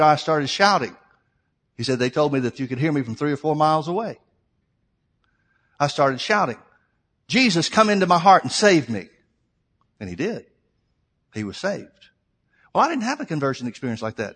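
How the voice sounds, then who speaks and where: A male pastor preaching a sermon, telling a story and swinging between loud, fervent preaching and quiet asides. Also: fairly high pitch, big pitch swings, normal speed, pauses often, husky. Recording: long hall reverb.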